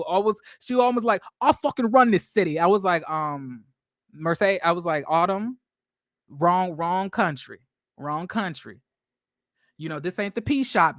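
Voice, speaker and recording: A man casually recapping a TV episode for viewers, animated and swearing freely. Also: high-pitched, no room sound, studio quality. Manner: animated, swears a lot, addresses viewers as y'all. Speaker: show reviewer.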